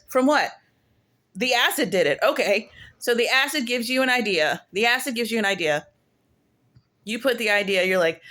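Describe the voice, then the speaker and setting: A woman's voice: fairly high pitch, sharp tone. Emphatic, slangy woman ranting. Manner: emphatic and slangy, repeats phrases for effect. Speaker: prophetess hosting her own channel. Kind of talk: casual commentary rant.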